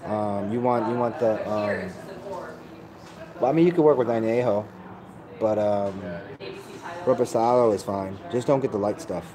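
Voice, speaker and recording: A man with a low voice talks loosely to his stream audience, swearing and restarting his thoughts as he goes. Other people's chatter carries on behind him. He sounds unhurried and off the cuff. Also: rough recording. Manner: rambling, profane, laid-back, restarts often. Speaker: livestreamer answering chat. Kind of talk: rambling casual live-stream chat.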